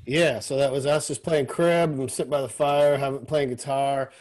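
A man's voice: medium pitch, fairly even intonation, normal speed, a little mellow. A man hosting a podcast, talking in an enthusiastic, casual way and swearing freely on a remote call. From Canada. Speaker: podcast host. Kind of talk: casual chat.

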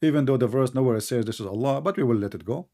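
A man's voice: medium pitch, fast, dark tone. A man hosting a live debate, mocking and interrupting his caller. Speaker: debate host.

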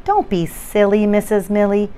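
A woman reading a storybook aloud, voicing a class of young children who correct their teacher in a slow, emphatic sing-song. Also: mid-range voice, warm tone, clean tone, natural voice.

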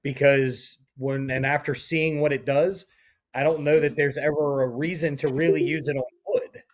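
A man's voice: fairly high pitch, fairly even intonation, moderate pace. Give me a friendly man chatting on a dull-sounding work call. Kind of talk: casual chat. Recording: dull lo-fi webinar audio.

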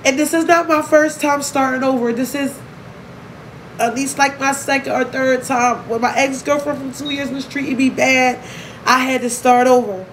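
A young woman vlogger speaks candidly and emotionally to her audience in a high, steady voice, swearing freely as her mood shifts quickly. The low-quality recording carries a faint hiss or hum.

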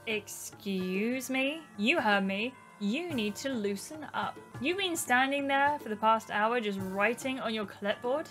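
A woman's voice: on the high side, animated, a little slow, hardly any pauses, fairly bright tone, soft background music. A woman voicing a stern, haughty female ghost who speaks in a cold, clipped, condescending way. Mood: indignant.

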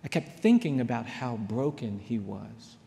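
A man from the United States telling a personal story in an earnest talk, slowing down and repeating phrases for weight. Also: mid-range voice, animated, gravelly, warm tone, long reverb tail. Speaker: speaker. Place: large hall.

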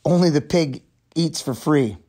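Storybook bully farmer, read by a man: gruff, threatening, slow. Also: fairly high pitch, warm tone, voice pushed up.

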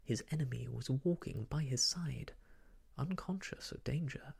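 A man reading an old novel aloud as soft ASMR narration, hushed and half-whispered, close to the microphone. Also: mid-range voice, measured pace, creaky, slightly rough. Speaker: storyteller.

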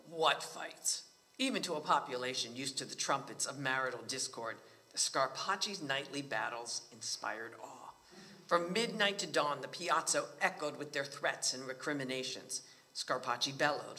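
Bright-voiced man reading fiction aloud. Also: mid-range voice, normal speed, in a large hall. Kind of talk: reading a novel aloud at a book talk. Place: library talk.

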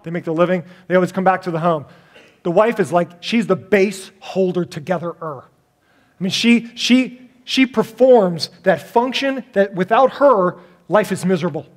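Middle-aged pastor guy, pretty high voice, jokey, does little voices mid-sermon. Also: normal speed.

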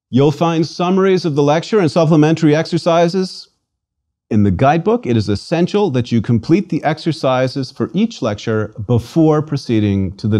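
Recorded in a studio, this male language lecturer has a mellow, mid-range voice. He works through a scripted pronunciation lesson with patience, saying words again and again for the listener to practice.

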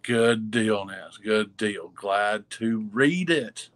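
A man co-hosting a live sales stream in a casual, halting way, full of fillers, greeting viewers by name. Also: fairly low pitch, fairly bright tone. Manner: halting, many fillers and restarts. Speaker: livestream co-host reading viewer comments.

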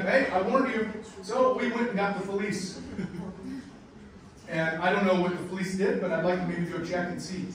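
An American man lectures a big class in an animated storytelling way, keeping his words simple for learners. His voice sits high for a man. It carries through a very echoey hall, heard from some distance with steady noise behind. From United States. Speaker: guest lecturer and nature guide.

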